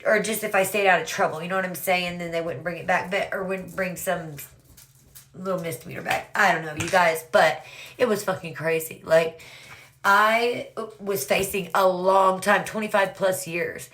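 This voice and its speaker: A woman's voice: fairly low pitch, steady tone, normal speed, fairly bright tone. A woman casually telling her own story to viewers, rambling and swearing freely, often calling out "you guys".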